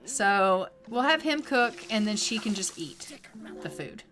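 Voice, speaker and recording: Bright-voiced woman streaming a game. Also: mid-range voice, expressive, faint music behind. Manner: chatty, many fillers, quick asides. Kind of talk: casual let's-play commentary.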